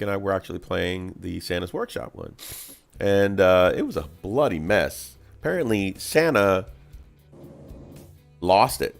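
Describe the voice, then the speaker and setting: A man's voice: lowish voice, creaky. A man co-hosting a casual live chat while painting miniatures, telling stories with lots of laughter. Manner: animated storyteller, laughs often, voices others loudly. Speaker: co-host.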